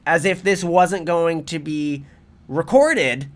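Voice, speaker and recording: A man's voice: a little high, slow. A man giving angry, profane reaction commentary in a heated ranting manner. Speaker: commentary vlogger.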